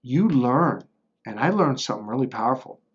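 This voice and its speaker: A man's voice: medium pitch, animated, normal speed, slightly rough, muffled recording. A man telling a personal story in a casual, rambling way, blunt and profane, checking in with "right?" as he goes. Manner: blunt and profane, swearing freely; rambling, with restarts and frequent "right?". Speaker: motivational speaker.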